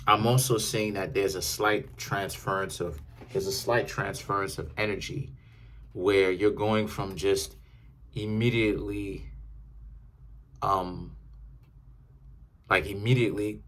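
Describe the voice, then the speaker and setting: A man's voice: on the low side, fairly even intonation, slow, pauses often, fairly bright tone. A man giving a casual, rambling tarot reading, often correcting himself as he talks. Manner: rambling, self-correcting, conversational. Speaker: tarot reader.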